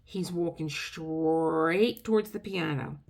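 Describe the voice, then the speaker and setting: Gravelly-voiced chatty woman. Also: sits low, slow pace, darkish tone. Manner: chatty, rambling, emotional, restarts often. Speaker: craft video creator. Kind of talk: casual storytelling vlog.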